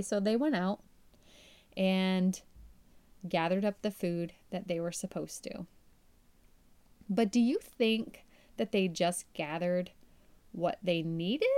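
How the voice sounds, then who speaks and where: A young adult woman hosting a faith podcast, talking through a Bible passage in a chatty, animated way with frequent laughs. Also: medium pitch, smooth. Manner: chatty and animated, laughs often, acts out quotes. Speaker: podcast host. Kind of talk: casual Bible teaching.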